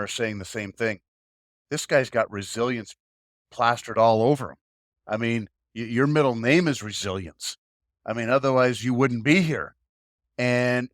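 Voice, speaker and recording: A man's voice: mid-range voice, no echo, clean studio sound. A man hosting a podcast, talking in an encouraging, emphatic way to his guest. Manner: warm encouraging, emphatic praise. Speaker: podcast host. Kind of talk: casual podcast talk.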